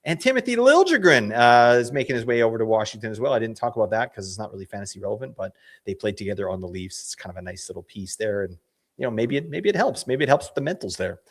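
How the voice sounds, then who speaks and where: Hoarse from losing his voice, a man hosts a fantasy hockey show, speaking fast in a lowish register. His casual analysis rambles, corrects itself, and is packed with slang.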